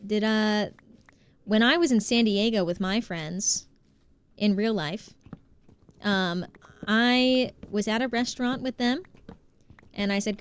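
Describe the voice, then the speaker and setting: A woman's voice: mid-range voice, slow, pauses often, smooth. A woman livestreaming a game, chatting casually, laughing often and greeting her chat. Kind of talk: casual gaming stream chat.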